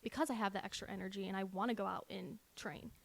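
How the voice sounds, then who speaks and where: A young woman co-hosting a podcast in casual chat, animated and chatty, laughing often. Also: mid-range voice, fast, gravelly. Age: young adult. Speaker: podcast co-host.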